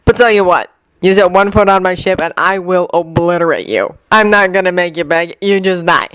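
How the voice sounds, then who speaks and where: A woman voicing a cocky, sarcastic man in quick, mocking banter. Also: fairly low pitch, smooth, no echo, lightly acted.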